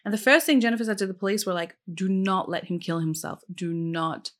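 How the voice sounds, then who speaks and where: A woman's voice: medium pitch, brisk. A woman hosting a true crime podcast, telling the case casually with lots of "like" and "um" and asking her listeners questions. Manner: chatty, many fillers like "like" and "um"; asks listeners questions directly. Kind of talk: casual storytelling.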